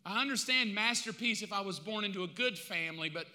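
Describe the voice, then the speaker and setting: A man preaching a sermon as pastor, emphatic and conversational, swinging from loud to hushed. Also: sits high, fast, hardly any pauses. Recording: long hall reverb.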